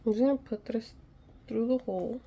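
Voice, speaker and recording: Woman doing a diy fix at home, kinda high voice with some fry, chatty and a bit nervous, talks to her viewers the whole time. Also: a little fast, warm tone. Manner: chatty, nervous, self-deprecating, talks to viewers while working. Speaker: craft vlogger. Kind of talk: casual DIY tutorial chat.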